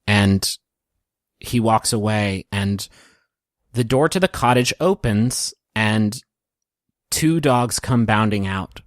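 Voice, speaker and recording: Gentle man narrating a tabletop game. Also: on the low side, no echo, clean studio sound. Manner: gentle, unhurried storytelling. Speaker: game master. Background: soft piano and guitar music.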